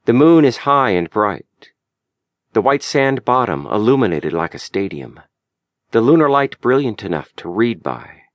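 A man narrating a memoir audiobook in a measured, lyrical, deliberate way, recorded close in a studio. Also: mid-range voice, big pitch swings, dry recording. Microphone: close studio mic.

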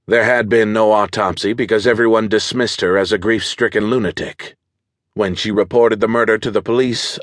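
Male audiobook narrator, steady and measured, lowish voice, dead-dry booth sound. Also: dry recording. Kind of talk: scripted thriller narration.

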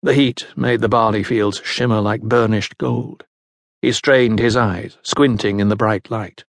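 A man giving a measured, scripted narration of a historical novel. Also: on the low side, steady tone, gravelly, dry recording, clean studio sound. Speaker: audiobook narrator.

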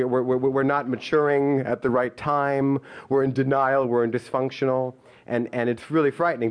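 A man in his fifties telling comic stories on stage, rambling and stop-start with lots of "like", playful and self-mocking. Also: medium pitch. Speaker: comedian. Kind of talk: live storytelling stand-up.

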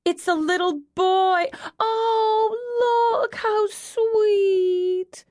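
A woman voicing a bubbly, tearful pregnant young woman in an audiobook, gushing with high-pitched excitement. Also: drawn-out words, dry recording, clean studio sound, full character voice.

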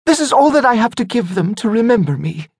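A man's voice: very high voice, big pitch swings, fairly quick, darkish tone, slightly rough, no echo, studio quality, pitched above the performer's own voice, full character voice. A man voicing a grieving young mother who must give up her baby sons, speaking in a choked, pleading, tearful way. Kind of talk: audiobook character voice.

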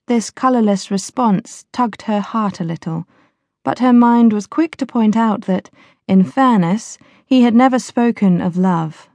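Woman reading a novel audiobook, mellow and steady, dry close mic. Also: medium pitch, unhurried, no room sound. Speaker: audiobook narrator. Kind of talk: scripted novel narration.

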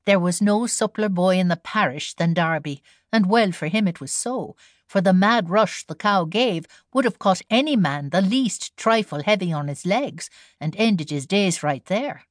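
A woman narrating an audiobook story, reading in an even storytelling manner and voicing the characters now and then. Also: mid-range voice, moderate pace, no room sound, studio quality. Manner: storytelling read with voiced characters. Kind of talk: scripted narration.

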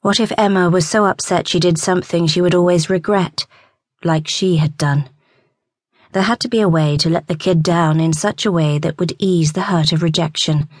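Woman narrator, low voice, dry close studio sound, measured romance reading. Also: fairly even intonation, a little mellow, no echo. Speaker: audiobook narrator.

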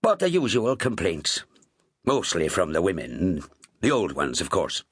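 A man's voice: deep voice, huge pitch swings, a little slow, slightly rough, no room sound, studio quality, heavily acted. A man voicing a jovial, rambling Irish sea captain in an audiobook, with an Irish accent and a teasing manner. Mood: easygoing. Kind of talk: audiobook character voice.

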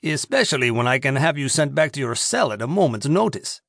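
A smug, greedy prison commandant, as an audiobook narrator puts him on. He draws out his words slowly in oily, falsely polite tones with threats beneath. The voice sits in an ordinary male pitch and is recorded dry and close. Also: big pitch swings, gravelly, fairly bright tone, dry recording, exaggerated voice. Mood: sly menacing. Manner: slow, drawn-out, oily politeness with veiled threats.

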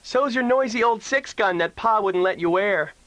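A man's voice: high voice, normal speed, a bit bright, no room sound, voice pushed up, poor audio. A man doing a wailing, scheming little girl. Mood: pleading. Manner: wailing, whiny and pleading. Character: young girl, scheming pug-nosed little sister.

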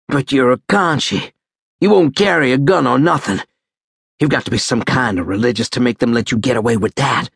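A man's voice: mid-range voice, brisk, vocal fry, husky, no echo, clean studio sound. A man voicing a badly wounded young soldier who pleads in pain, panicky and gasping. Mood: pleading.

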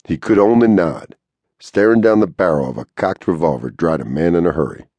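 A man narrating a western audiobook in a steady, measured way into a close studio mic. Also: sits low, no room sound.

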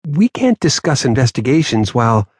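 A man's voice: medium pitch, big pitch swings, moderate pace, a little mellow, husky, no echo, clean studio sound, pitched above the performer's own voice. A man voicing an irritated, no-nonsense female police detective. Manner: clipped, impatient. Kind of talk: audiobook character voice.

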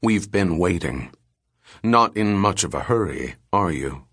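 A man voicing a calm, menacing male captor who threatens in a slow, measured way. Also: low voice, dry recording, clean studio sound, exaggerated voice.

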